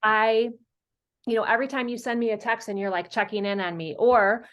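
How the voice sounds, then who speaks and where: A middle-aged woman, a counselor, talking earnestly as a podcast guest in casual conversation, in quick expressive bursts. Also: on the high side, lo-fi sound.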